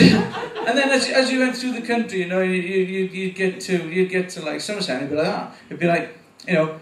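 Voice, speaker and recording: A man's voice: high-pitched, fairly quick, few pauses, a little hiss or hum. A nervous man in his forties doing a rambling, sweary first stand-up set, chuckling at his own jokes. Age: 40s. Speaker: first-time stand-up comic. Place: small venue with live audience. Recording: echoey room recorded from a distance, faint ambience.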